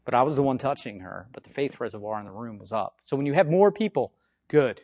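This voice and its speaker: A man with a slightly hoarse voice, giving an informal teaching on faith healing, swinging between loud bursts and low asides and often checking in with "okay?". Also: lively intonation, fast talker, dry recording, muffled recording. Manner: repetitive, conversational, frequent "okay?" check-ins. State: hoarse from frequent yelling.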